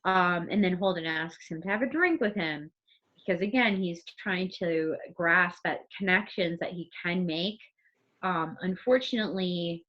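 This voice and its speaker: Brief: woman teacher, low-ish voice, chatty thinking-aloud lesson, muffled recording. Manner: thinks aloud, reading passages from the book. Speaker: teacher and podcast co-host. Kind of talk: casual literature lesson podcast.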